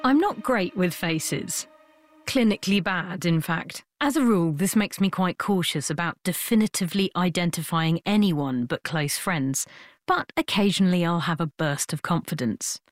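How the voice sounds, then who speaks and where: A woman's voice: fairly low pitch, moderate pace, no room sound, clean studio sound, soft background music. Wry woman presenter telling an anecdote. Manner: wry, self-deprecating. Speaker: programme presenter. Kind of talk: personal scripted anecdote. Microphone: studio microphone.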